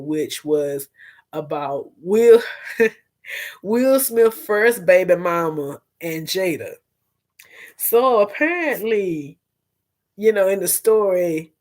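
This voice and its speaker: A woman hosting a casual gossip vlog, animated and profane, laughing and talking straight to her viewers. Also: fairly low pitch. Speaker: vlog host.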